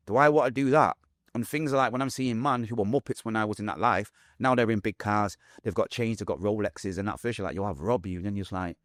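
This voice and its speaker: A man from England with a Manchester accent tells his life story as an interview guest, speaking emotionally and bluntly with street slang. His voice sits at medium pitch, and the clean studio sound has no room echo.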